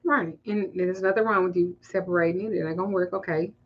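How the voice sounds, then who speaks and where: A woman's voice: fairly low pitch, steady tone, quick pace, highs cut off. A woman with a Southern US accent hosting a casual livestream, telling stories in loose, profane, laughing banter. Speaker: spiritual reader and livestream host.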